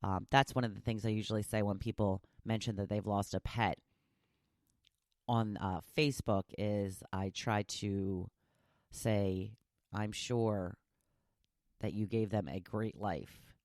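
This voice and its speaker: A woman's voice: a bass voice, steady tone, measured pace, a little mellow, no room sound, clean studio sound. A woman hosting a solo podcast, chatting casually and animatedly, often laughing as she talks. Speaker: podcast host.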